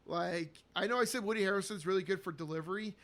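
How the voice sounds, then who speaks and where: Co-host type, excitable guy with a high, bright voice, laughs a lot on mic. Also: fast. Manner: enthusiastic, laughs often, acts out quotes. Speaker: podcast co-host. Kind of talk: casual movie chat. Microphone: podcast microphone.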